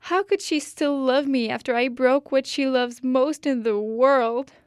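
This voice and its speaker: A sulking little girl who pleads through her tears, as a woman reading a storybook puts her on. The voice sits high above the reader's own and is pushed and emphatic. The recording is dry and close. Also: a little slow, clear, resonant tone, no room sound. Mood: tearful. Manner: tearful, pleading, raised voice. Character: young girl, sad, stubborn and sulking.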